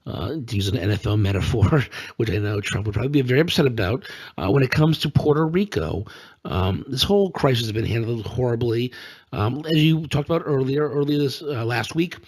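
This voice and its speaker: A man's voice: medium pitch, husky. A man co-hosting a casual political podcast, talking in a sarcastic, exasperated way with many "um"s. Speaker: podcast co-host.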